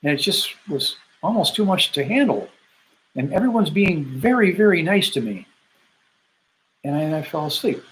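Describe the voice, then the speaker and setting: An older man from Michigan, a military veteran, telling a personal story in an animated way and acting out the people in it. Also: on the high side, normal speed, a little hiss or hum, low-quality recording. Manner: animated, acts out the voices of people in his story.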